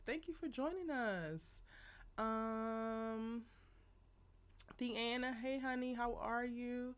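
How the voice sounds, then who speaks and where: A young woman hosts a casual live stream, greeting viewers by name while chatting and laughing often. Her voice is fairly high and fairly bright, clean in tone, and slow.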